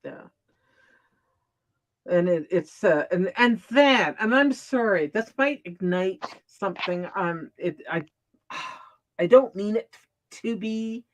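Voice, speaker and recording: A woman speaking at a slow, unhurried pace in a casual online chat. She stops and restarts her sentences often and breaks into laughs between points. Her pitch sits in an ordinary middle range. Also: lively intonation.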